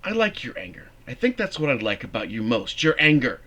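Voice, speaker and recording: A man's voice: medium pitch, sing-song, fairly quick, bright, forceful tone. A man putting on a taunting, bitter wife. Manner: taunting, mocking. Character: bitter sharp-tongued middle-aged wife.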